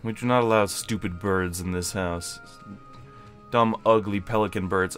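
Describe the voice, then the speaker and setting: A man's voice: fairly low pitch, fairly even intonation, unhurried, fairly bright tone, soft background music. A young man giving casual, self-mocking commentary while playing a game. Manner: playful, self-mocking, chatty. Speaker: gaming streamer. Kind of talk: casual let's-play commentary. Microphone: webcam and desk mic.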